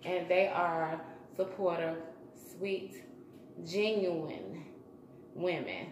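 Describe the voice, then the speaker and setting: A woman, chatting casually to her viewers as a mukbang vlogger and giving shout-outs. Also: medium pitch, measured pace, echoey room, background noise. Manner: chatty, warm shout-outs, bursts of humming.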